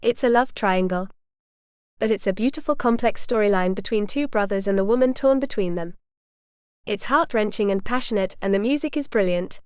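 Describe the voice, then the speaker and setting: A woman's voice: mid-range voice, a little fast, clean tone, dry recording, studio quality, natural voice. A woman reading the part of an enthusiastic male filmmaker, a charming showman who talks with eager, theatrical flourish. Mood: passionate.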